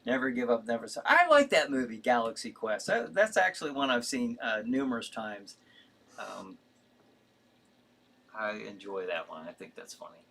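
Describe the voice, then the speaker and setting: A man hosting a live stream in a loose, chatty way. His pitch moves around a lot as he reads out viewer comments and answers them. He rambles, fills pauses and circles back on himself. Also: big pitch swings, creaky, pushed and bright. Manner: rambling, with many fillers and restarts. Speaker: host. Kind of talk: casual live-stream chat.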